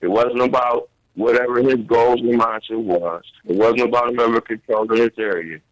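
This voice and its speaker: A man's voice: mid-range voice, fairly even intonation, normal speed, no room sound, poor audio. A man, a guest on a talk show, arguing local politics earnestly and emphatically in informal speech.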